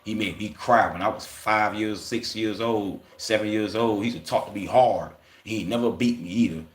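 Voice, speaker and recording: A low-voiced man riffing on a livestream in loose, profane street slang. He speaks casually and breaks into quoted voices as he talks. The sound is echoey and roomy. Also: moderate pace. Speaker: livestream host.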